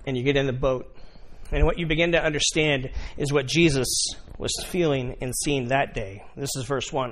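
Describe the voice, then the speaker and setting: A man preaching a sermon, telling the story in a lively way and acting out the characters. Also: medium pitch, brisk. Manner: animated storytelling, acts out characters. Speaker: pastor.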